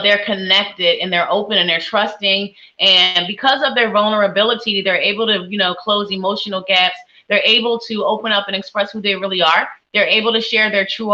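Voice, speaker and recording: A woman's voice: mid-range voice, sharp tone, muffled recording. A woman hosting a live psychic stream, giving tarot readings and greeting viewers in a sing-song, effusive way. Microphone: webcam with ring light.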